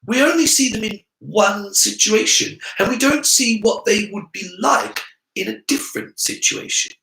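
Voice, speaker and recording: A man's voice: sits high, lively intonation, normal speed, gravelly, pushed and bright, reverberant, voice pushed up, heavily acted, low-quality recording. A man voicing an earnest, analytical boy wizard who explains things in a lecturing way. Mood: explaining.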